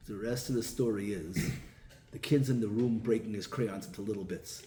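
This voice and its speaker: Rabbi, dark echoey voice. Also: male voice, on the low side, a little fast. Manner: animated storyteller who acts out the people in his stories. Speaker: rabbi giving a Torah talk. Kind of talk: storytelling sermon. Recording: echoey room with faint ambient noise.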